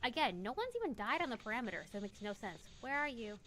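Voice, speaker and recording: A young woman with a slightly high voice rambles casually through a story while she streams a game. She corrects herself often and tosses in jokes, with a faint hiss in the background. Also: huge pitch swings, rapid-fire, a bit bright. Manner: rambling, self-correcting, jokey.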